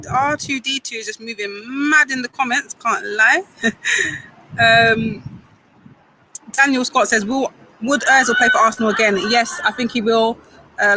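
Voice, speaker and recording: A woman's voice: a little high, noisy background. A young woman from the Caribbean, reading viewers' comments on a live stream outdoors and answering them with playful banter. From Grenada and Saint Vincent. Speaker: football fan streamer. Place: outdoors near a football stadium.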